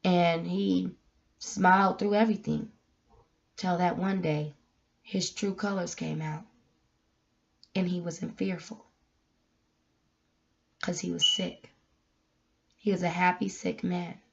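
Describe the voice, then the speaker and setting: A woman giving a candid, emotional personal message, moving between soft, quiet lines and loud, emphatic ones. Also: on the low side, fairly even intonation, slow pace, gravelly, pauses often, muffled recording. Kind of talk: heartfelt personal talk, sermon-like.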